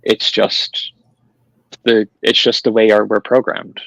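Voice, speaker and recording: Gravelly low man, earnest podcast guest. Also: little pitch movement, takes it slowly, a bit bright, dry recording, lo-fi sound. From Italian-American family. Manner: thoughtful, earnest explainer. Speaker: podcast guest, paranormal investigator. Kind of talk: casual chat.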